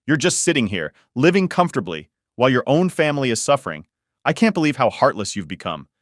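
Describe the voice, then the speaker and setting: A man's voice: mid-range voice, very animated, moderate pace, no echo, studio quality. Man reading as a desperate sister. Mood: furious. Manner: pleading, shaky then yelling. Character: desperate pleading younger sister, then furious.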